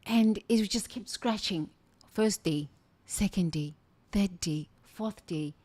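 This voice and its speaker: A woman from southern Africa, telling a spiritual story in an animated, exclamatory way with many restarts. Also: mid-range voice, slow pace. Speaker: spiritual speaker.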